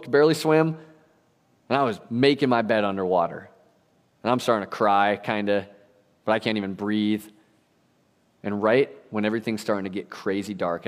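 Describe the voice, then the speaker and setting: A young adult man preaching a sermon as a pastor, telling stories animatedly with casual slang. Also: lowish voice. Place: church sanctuary. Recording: long reverb of a church hall.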